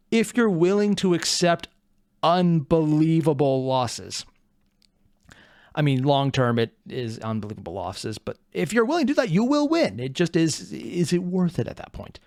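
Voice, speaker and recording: A man hosting a reaction video, talking in a rambling, excitable way with joking asides. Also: a little high, no echo, clean studio sound. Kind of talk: casual reaction commentary.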